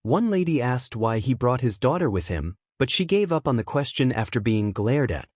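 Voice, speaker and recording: A man narrating a fan-written story in a steady, even reading voice. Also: medium pitch, moderate pace, no echo, clean studio sound. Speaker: fanfiction narrator.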